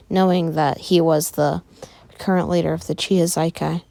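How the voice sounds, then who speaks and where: A woman narrating an improvised fan story in a halting way, with many fillers and pauses. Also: low voice, steady tone, vocal fry, dark tone, no echo.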